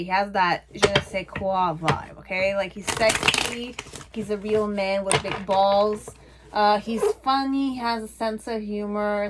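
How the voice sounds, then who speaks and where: A young woman talks through a pick-a-card tarot reading in a loose, rambling way. Her voice sits at an ordinary middle pitch, and she keeps checking in with the listener as she goes. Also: heavy background noise. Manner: rambling and chatty, with frequent "okay?" and "like". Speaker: tarot reader.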